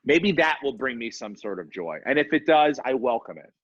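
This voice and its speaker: A man's voice: mid-range voice, expressive, moderate pace, fairly bright tone, slightly rough, no echo, muffled recording. A man in his forties hosting a podcast in casual chat, rambling and profane with self-deprecating asides. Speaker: podcast host.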